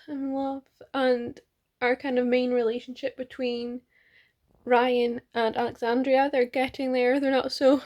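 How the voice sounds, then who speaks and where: A woman's voice: high-pitched, creaky, darkish tone. A young woman vlogging about her reading, chatty and gushing, with lots of fillers and little laughs. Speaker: book vlogger. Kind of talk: casual reading vlog.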